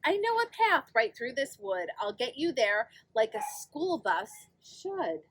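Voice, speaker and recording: A woman voicing a cheerful little male blue truck, eager and friendly, with high squeaky calls. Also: sing-song, a little slow, a bit bright, husky, full character voice.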